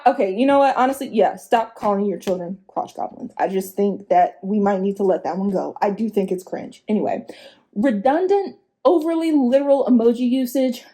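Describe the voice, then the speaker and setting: A woman giving casual, opinionated commentary as a vlogger, frank and chatty, laughing and swearing as she goes. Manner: lively pitch swings for emphasis.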